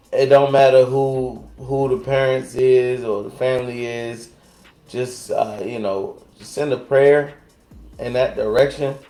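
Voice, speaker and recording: A man co-hosting a casual chat, talking in a relaxed, rambling way with many fillers and restarts. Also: on the low side. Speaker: co-host. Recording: echoey room.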